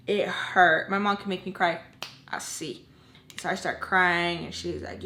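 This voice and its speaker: A young woman in her twenties telling an emotional story from her own life, animated and emphatic, often stressing points with "okay?". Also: mid-range voice, measured pace, slight background noise. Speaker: storytime vlogger. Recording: roomy echo.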